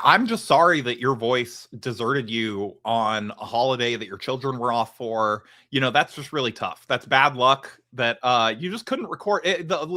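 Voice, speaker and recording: A man's voice: mid-range voice, bright, forceful tone. A man co-hosting a casual podcast, teasing his partner with joking banter. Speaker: podcast co-host.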